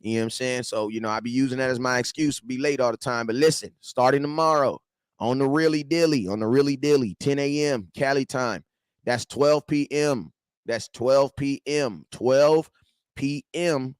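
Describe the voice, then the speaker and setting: A man in his thirties hosts a loose livestream fan show. He greets viewers, repeats himself and banters in easy slang. His voice sits at an ordinary pitch and is recorded dry and close to the mic. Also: moderate pace, smooth, no room sound. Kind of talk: casual livestream chat.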